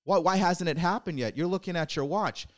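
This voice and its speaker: A podcast host gives a preachy, blunt motivational talk in a high voice, going a little fast. He swears casually and repeatedly throws rhetorical questions at his listeners to challenge them.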